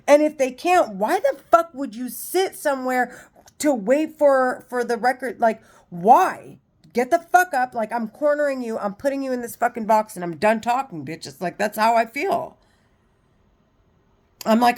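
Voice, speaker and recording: A woman's voice: fairly high pitch, animated, unhurried, a little mellow. A woman vlogging in a rambling, agitated monologue full of profanity and restarts.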